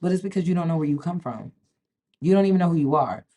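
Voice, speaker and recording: Her lowish, dark voice is animated and fast as this spiritual vlogger talks casually to camera. Emphatic and repetitive, she keeps asking "okay?" to check in.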